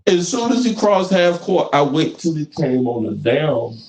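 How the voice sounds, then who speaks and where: A man's voice: fairly high pitch, a little slow. A man hosting a live podcast, telling stories in casual, profane slang. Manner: animated storytelling, profane slang. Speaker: podcast host. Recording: echoey room with faint noise.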